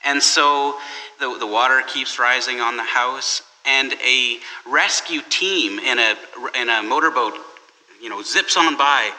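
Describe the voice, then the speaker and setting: A man's voice: medium pitch, measured pace, bright, forceful tone. A man preaching a sermon in a conversational storytelling way, with restarts. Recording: long hall reverb.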